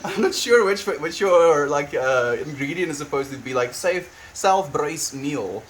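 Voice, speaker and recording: A man's voice: fairly high pitch, animated, unhurried, few pauses, a little hiss or hum, poor audio. A young man livestreaming from home, chatting casually and rambling, laughing often and restarting sentences as he vents and reads chat. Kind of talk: casual chat, venting and reading chat. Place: at home on a farm.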